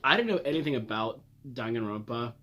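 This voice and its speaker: A young man ranting comedically about favorite characters, swearing, laughing and talking dramatically. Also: fairly quick. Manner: animated, swearing, laughing, dramatic jumps up in pitch. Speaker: video creator reviewing characters. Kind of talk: comedic casual rant.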